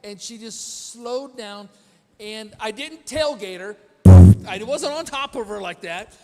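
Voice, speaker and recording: High-voiced chatty pastor in a reverberant church. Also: male voice, slow pace, a bit bright, soft background music. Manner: chatty, quizzes the congregation, self-deprecating humor. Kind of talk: conversational sermon storytelling. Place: church sanctuary. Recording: long hall reverb in a church.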